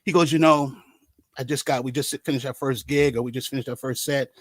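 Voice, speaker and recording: A man on a podcast telling stories with lively acted-out quotes, dropping to a hush for sad moments. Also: mid-range voice, fairly quick, no room sound. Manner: animated storyteller acting out quotes, trails into hushed tones. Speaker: guest, artist manager and concert promoter. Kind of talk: casual storytelling chat.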